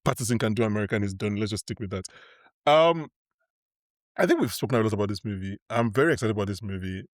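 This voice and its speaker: A man hosting a podcast, chatting casually about films in a rapid, animated way and laughing often. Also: fairly low pitch, no room sound, studio quality. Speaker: podcast host. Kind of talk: casual film chat.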